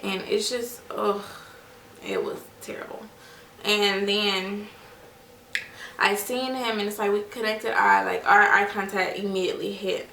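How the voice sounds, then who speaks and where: A woman's voice: mid-range voice, steady tone, unhurried, vocal fry, pushed and bright, slight background noise. A young woman vlogger telling a personal story in a casual, chatty way, talking to her viewers while settling a baby at home. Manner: chatty, addresses viewers as "you guys" and "y'all"; acts out voices in her stories. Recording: echoey room, mic at a distance.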